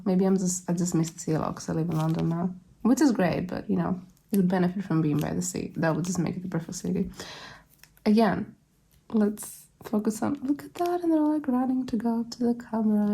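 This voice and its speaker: Casual collector vlogger, woman, fry-tinged dark tone, chatty and gushing, light room hiss. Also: medium pitch. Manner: gushing, rambling, giggly. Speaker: K-pop album collector. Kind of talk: casual unboxing chat. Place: at home, living in London.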